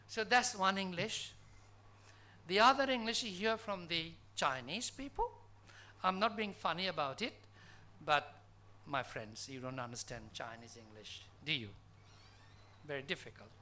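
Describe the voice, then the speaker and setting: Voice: medium pitch, a little slow, sharp tone. A conference speaker from Bangladesh giving an academic lecture in a college hall, posing emphatic rhetorical questions to the audience.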